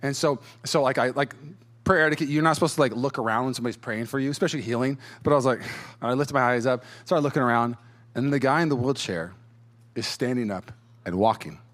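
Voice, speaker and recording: A man preaching a sermon as a pastor, telling a personal story in an animated way, acting out quotes in different voices and chuckling often. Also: medium pitch, fast talker. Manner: chuckles as he talks.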